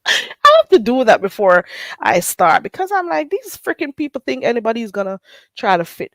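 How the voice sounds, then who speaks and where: A woman hosting a casual livestream while getting sick, animated and dropping into patois, swearing and laughing freely. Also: medium pitch, moderate pace, dry recording. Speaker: livestream host.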